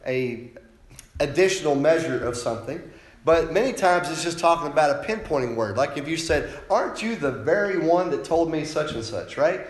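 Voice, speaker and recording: A man preaching a sermon as a pastor, emphatic and insistent, often ending points with a rhetorical "right?". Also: on the high side. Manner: preaching with frequent rhetorical "right?" tag questions. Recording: roomy echo.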